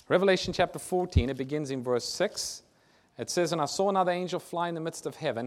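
A man preaching a sermon, reading scripture aloud and putting questions to his congregation, with loud booming emphasis on key phrases.

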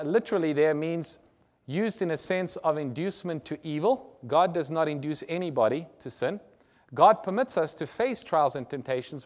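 A man preaching a sermon, reading scripture aloud, explaining it and asking his listeners rhetorical questions. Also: a little high. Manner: asks the audience rhetorical questions. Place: church or lecture hall with a screen.

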